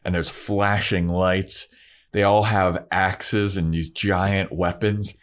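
Low-pitched and slow, with little rise or fall, this man co-hosts a podcast. His episode recap is relaxed, chatty, and full of slang.

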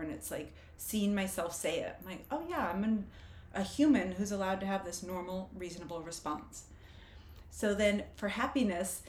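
A woman's voice: lowish voice, darkish tone, echoey room. A woman talking candidly and reflectively in casual conversation, laughing easily as she shares personal coping tools.

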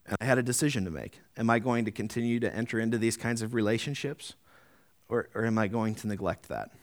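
A man preaching a sermon as pastor, earnest, often adding tag questions, slowing down to read deliberately. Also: on the low side. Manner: earnest, rising to emphatic peaks, slowing to deliberate reading.

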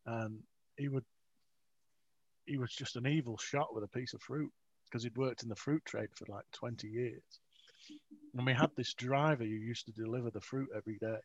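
A man's voice: mid-range voice, fairly even intonation, normal speed, no room sound. A man, an author, telling rambling, self-mocking stories with frequent laughs in a casual interview. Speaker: author, guest. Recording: dry, dull lo-fi audio.

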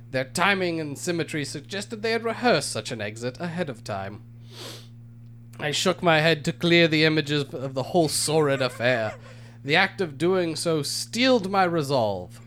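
A man reading a comic, over-formal letter aloud as a podcast host. His voice sits a touch high, and he draws out the grand phrasing. Faint noise hums under the recording. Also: fairly bright tone. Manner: pompous, theatrical narration, breaking into laughs.

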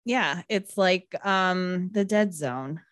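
A woman's voice: lowish voice, slow, fairly bright tone, smooth, no echo, studio quality. A woman co-hosting a casual podcast, making wry, sarcastic asides about a TV episode. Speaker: podcast co-host. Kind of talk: casual chat.

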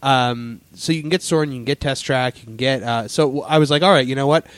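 A man's voice: mid-range voice, brisk, no room sound. Rambling man hosting a podcast. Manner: rambling, filler-heavy. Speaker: podcast host. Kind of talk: casual chat.

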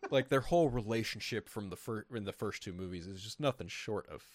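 A man talking on a podcast in a lively, swooping voice, swearing freely and slipping into voiced quotes as he tells stories. He sounds close and dry on the mic, with no room around him. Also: on the low side, brisk, no echo. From Sacramento, California. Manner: animated, profane storytelling with lots of voiced quotes. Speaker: podcast co-host. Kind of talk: casual chat.

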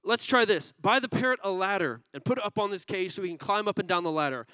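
An eager middle-aged pet shop owner voiced by a man, reassuring and salesy, always promising that the next fix will work. His voice sits a little above the man's usual pitch and has a bright, forceful edge, recorded close and dry. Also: lively intonation, fast talker, clear, resonant tone, no room sound.

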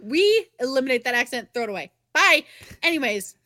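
A young woman, co-hosting a podcast and telling stories in casual chat, swearing freely and animated. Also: high voice, fast talker, dry recording. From New England. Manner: animated, swearing storyteller with many fillers. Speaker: podcast co-host.

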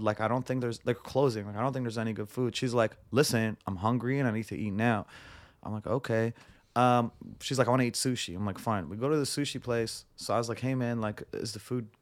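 A young man chats as a guest on a podcast in a mid-pitched voice. He spins a long, rambling story and acts out each exchange with "I'm like" and "she's like". His talk is loose and casual, full of "like". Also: fairly even intonation, fairly quick.

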